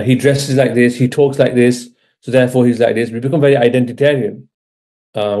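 In Britain, a man who teaches Islam gives a relaxed religious talk, his mid-range voice carrying a dark tone. His style is chatty, and he frequently checks in with the audience.

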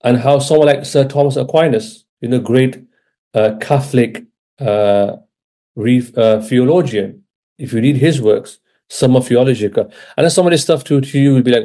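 A man's dark-toned voice, medium in pitch and normal in speed, leads an informal religious lecture. He is an Islamic religious teacher in Britain who talks conversationally and often checks on his listeners.

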